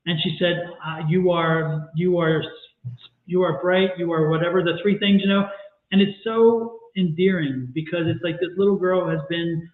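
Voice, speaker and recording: A man co-hosting a tarot reading livestream, chatting in an animated, enthusiastic way. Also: sits high, moderate pace. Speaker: tarot reader co-host. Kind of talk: livestream chat. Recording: echoey, phone-like audio.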